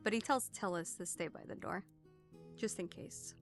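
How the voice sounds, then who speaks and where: A woman narrating as dungeon master of a tabletop game in a casual, lively way with many fillers. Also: medium pitch, moderate pace, faint music behind.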